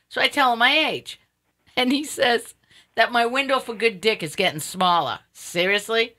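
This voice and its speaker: A woman of Sicilian heritage hosting a casual live-stream chat, halting with fillers and bluntly joking. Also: a little high, expressive, bright, forceful tone.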